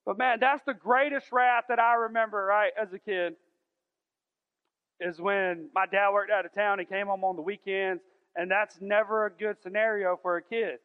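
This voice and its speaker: Man, high-pitched preacher, folksy and emphatic, thin phone-like sound, long hall echo. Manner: folksy and emphatic, slowing down for scripture. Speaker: pastor. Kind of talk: sermon. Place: large church sanctuary.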